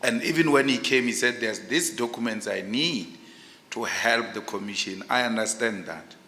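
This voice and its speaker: A man's voice: mid-range voice, normal speed, bright, forceful tone. A man with a South African accent, questioning a candidate in a formal panel interview, insistent and emphatic. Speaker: panel commissioner. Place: large hearing room. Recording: echoey hall, long reverb.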